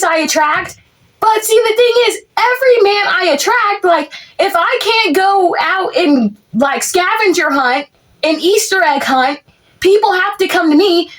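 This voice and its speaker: Very high-voiced young woman ranting. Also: fairly bright tone. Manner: rambling, exasperated venting with filler "like". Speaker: content creator. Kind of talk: comedic POV rant monologue.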